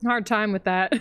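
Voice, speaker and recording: A woman's voice: a little high, no echo. A young adult woman streaming a game and chatting casually, rambling with lots of fillers and frequent laughter. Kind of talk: casual chat while gaming.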